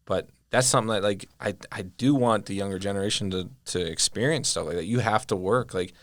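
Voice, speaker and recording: A young man talking as a podcast guest in a casual, animated way, often filling with "like". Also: on the low side, fairly quick, no room sound. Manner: animated storyteller, heavy use of "like". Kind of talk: casual conversation.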